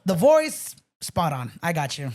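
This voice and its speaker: A man's voice: on the high side, huge pitch swings, unhurried, a little mellow. A man, a guest on a podcast, chatting casually and telling loose stories with swearing and bits of Spanish. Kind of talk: casual chat.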